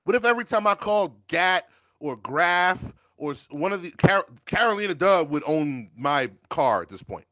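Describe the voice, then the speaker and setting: A man's voice: high voice, lively intonation, normal speed, pushed and bright, no room sound. A man hosting a show, talking in casual, profane, joking rants. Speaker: show host. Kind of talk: casual podcast banter.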